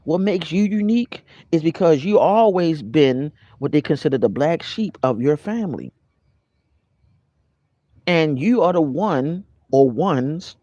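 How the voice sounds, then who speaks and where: A spiritual vlogger with a slightly high voice offers a casual motivational spiritual talk, lively and conversational, naming his live viewers as he greets them. The recording is lo-fi, with no echo.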